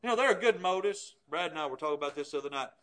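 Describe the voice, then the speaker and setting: A man with a high-pitched voice delivers a sermon. He preaches with emphatic force, slowing and pressing hard on the scripture he reads. His pleading builds through the passage. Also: lively intonation, fairly bright tone.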